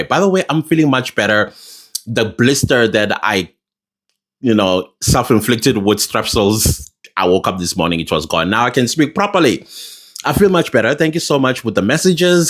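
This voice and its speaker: A South African man giving casual commentary to his viewers, animated and laughing often, with big swings in his voice. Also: medium pitch. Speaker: news commentator.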